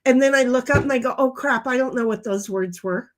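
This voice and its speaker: Briskly reading her livestream chat, an older, high-voiced woman rambles casually between comments. She speaks bluntly and occasionally curses.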